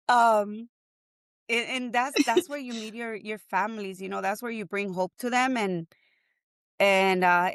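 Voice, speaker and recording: Animated woman telling stories. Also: mid-range voice, smooth, dry recording, studio quality. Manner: animated storytelling with laughs and acted-out quotes. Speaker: guest, family advocate. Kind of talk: casual interview conversation.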